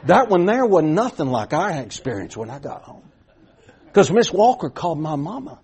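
A man's voice: fairly high pitch, very animated, moderate pace, darkish tone, husky. A middle-aged man preaching a sermon, telling a folksy story with repeated starts that builds to emphatic points.

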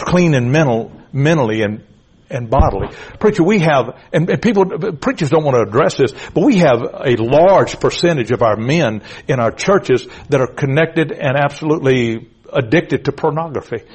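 Middle-aged preacher, husky voice, punchy repetitive pulpit cadence, prods the crowd. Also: male voice, medium pitch, a little mellow, rough recording. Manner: calls out to the congregation. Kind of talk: fiery sermon.

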